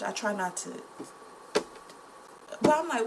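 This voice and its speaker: An indignant young woman talks directly to her viewers, calling them y'all. Her voice has a gravelly edge. A faint hiss sits under the recording. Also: on the high side, big pitch swings, unhurried, long pauses. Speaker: vlogger. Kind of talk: casual commentary to camera.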